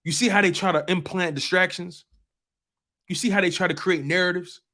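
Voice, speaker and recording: A man's voice: high-pitched, steady tone, a little fast, bright, forceful tone. A man hosting a fan sports talk show, speaking passionately and emphatically and repeating phrases for effect. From US East Coast.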